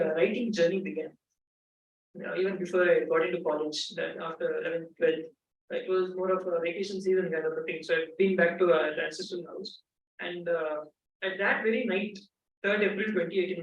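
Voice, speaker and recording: A man's voice: sits high, a little hiss or hum. A young man in his twenties with an Indian English accent, giving an earnest public talk with emphatic repeats and restarts. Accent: Indian English, Kannada-speaking. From Dakshina Kannada, India. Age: 20s. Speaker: guest speaker. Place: lecture hall. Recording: roomy hall, mic at a distance, faint ambience.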